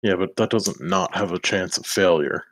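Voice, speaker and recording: A man's voice: sits low, normal speed. A man playing a tabletop role-playing game, chatting casually and rambling with plenty of swearing. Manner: loose, rambling, swears a lot, laughs between lines. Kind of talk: casual game chat in and out of character.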